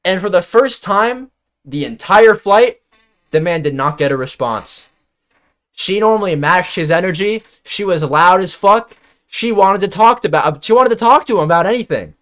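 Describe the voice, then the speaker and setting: A young man streaming, telling a story in an animated, exasperated way and swearing freely. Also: high voice, moderate pace. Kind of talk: casual storytelling.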